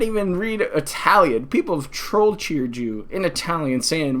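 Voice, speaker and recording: A man riffs sarcastically through a livestream, mocking the person on screen and mimicking him. His voice sits a little high and swings widely in pitch. He leans hard into teasing. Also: lively intonation, unhurried. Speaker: livestream host. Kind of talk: mocking reaction commentary.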